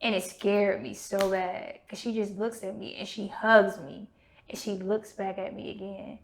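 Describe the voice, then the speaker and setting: A woman's voice: mid-range voice, a little slow, creaky, a little hiss or hum. A woman in her thirties tells her own story on a podcast in a mid-range voice. She talks candidly and animatedly, slipping into the voices of the people she quotes. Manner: animated, acts out quoted dialogue.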